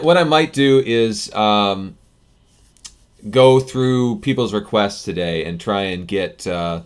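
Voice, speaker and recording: An American software developer chats casually on a live stream in a fairly low, smooth voice. He answers viewer comments into a desk microphone, often restarting his sentences loosely.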